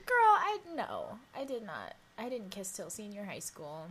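A young woman co-hosting a casual movie podcast, agreeable and animated, swearing freely. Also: mid-range voice, unhurried, a crowd in the background. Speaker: podcast co-host. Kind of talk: casual chat.

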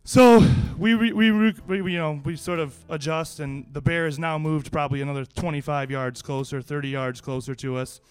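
High-voiced man telling a story. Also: moderate pace, few pauses, clear, resonant tone. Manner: lively, laughs often, many restarts. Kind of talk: casual personal anecdote.

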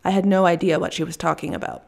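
A woman's voice: lowish voice, fairly even intonation, fast, vocal fry, darkish tone. A woman narrating a first-person story in a wry, dry storytelling manner.

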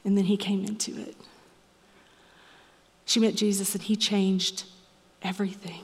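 A woman preaching a sermon in a church, earnest and measured, sometimes dropping to a soft whisper for emphasis. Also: medium pitch, level tone. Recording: echoey hall reverb.

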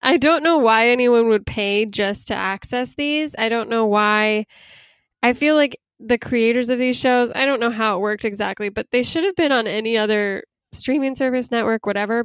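A woman co-hosting a casual podcast chat, relaxed and quick to laugh. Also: fairly high pitch, smooth, no room sound. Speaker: podcast co-host.

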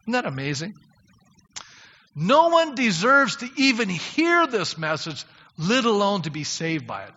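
A man's voice: high voice, big pitch swings, measured pace, bright, forceful tone. A man preaching a sermon as pastor, talking conversationally and directly to his congregation and rising to emphatic appeals. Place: church sanctuary. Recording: long hall reverb, dull lo-fi sound.

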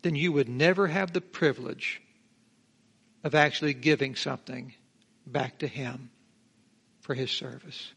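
A man's voice: mid-range voice, fairly even intonation, a little slow, vocal fry, long pauses, a bit bright, husky. A middle-aged male pastor teaching a Bible passage verse by verse, emphatic, drawing out key words and asking the congregation rhetorical questions.

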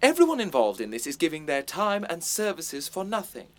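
A man's voice: a little high, huge pitch swings, fairly quick. A man with a posh English accent playing a bossy, self-important amateur theatre director in a radio comedy. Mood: pompous. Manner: pompous, lecturing, self-important. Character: pompous, bossy middle-aged male director.

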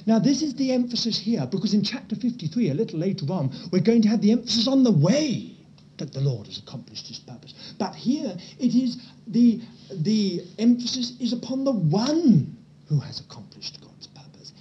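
A preacher giving a sermon in an earnest, pleading way, talking straight to the listeners and swinging from loud, stressed words to hushed near-whispers. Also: mid-range voice, big pitch swings, normal speed, muffled recording, a little hiss or hum.

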